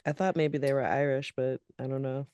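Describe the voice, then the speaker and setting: A young woman co-hosting a podcast, relaxed and moving the chat from scene to scene. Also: a bass voice, a little fast, clean tone, no room sound. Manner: relaxed, steers the talk to the next scene. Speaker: podcast co-host. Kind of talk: casual chat.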